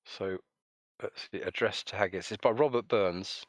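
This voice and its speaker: This live stream host has a lowish voice, speaks at a moderate pace, and is recorded with no echo. He keeps things loose and jokey, wandering between topics and reading chat comments out loud as if on a casual voice call.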